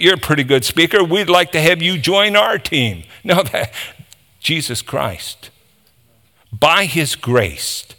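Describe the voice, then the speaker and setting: A man's voice: fairly high pitch, sharp tone. A man preaching a sermon, explaining scripture with emphatic asides and reading passages aloud.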